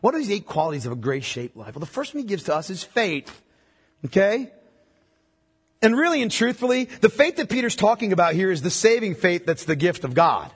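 A man preaches a sermon in an emphatic way, often stopping to ask the congregation whether they are following. His voice is husky and sits a little high, and his pitch rises and falls a great deal. The sound carries the long reverb of a large church hall. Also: sing-song, a little fast. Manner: emphatic, asks the congregation questions. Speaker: pastor.

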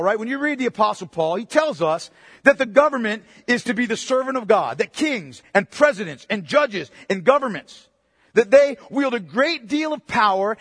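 A man's voice: high-pitched, a bit bright, dry recording, studio quality, big-room sound. A man preaching a sermon, emphatic, repeating phrases for stress and asking the congregation questions. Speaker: pastor.

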